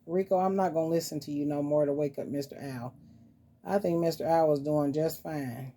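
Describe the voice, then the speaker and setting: A woman hosting a casual vlog, talking softly and playfully to her dolls as if they were children. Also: low voice, moderate pace. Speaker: doll collector vlogger. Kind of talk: casual doll-play vlog.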